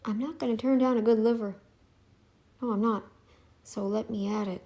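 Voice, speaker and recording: A woman's voice: a little high, fairly even intonation, normal speed, pauses often, warm tone. A woman vlogger ranting in casual commentary, emphatic and defiant, repeating herself for effect.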